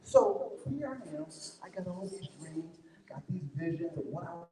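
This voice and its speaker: A conference speaker, a man with a fairly high voice, gives a very animated, folksy motivational talk at a moderate pace to a live audience. He recounts his story as though chatting with the crowd, his voice ringing through a large hall with long, roomy reverb.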